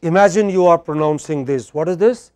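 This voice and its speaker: Male Indian English lecturer, mellow and slightly high, slow and emphatic, dry close sound. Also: dry recording. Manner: slow, emphatic, quizzing students. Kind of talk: classroom lecture. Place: university classroom.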